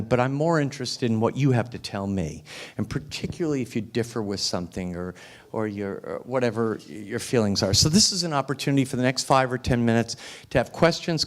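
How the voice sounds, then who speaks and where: A man giving a motivational speech at a restaurant luncheon, emphatic and repeating phrases for effect. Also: mid-range voice. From United States. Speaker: guest speaker. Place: restaurant event room.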